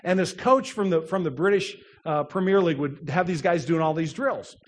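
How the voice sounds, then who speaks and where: High-voiced man preaching a slow sermon. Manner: slow, emphatic preaching with pauses and soft dropped endings. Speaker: pastor.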